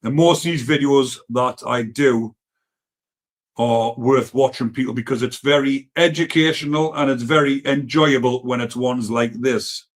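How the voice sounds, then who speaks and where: A man's voice: medium pitch, fairly even intonation, measured pace. Man, Geordie accent, live-stream host, casual, blunt, sweary, rambling. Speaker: livestream host reading comments.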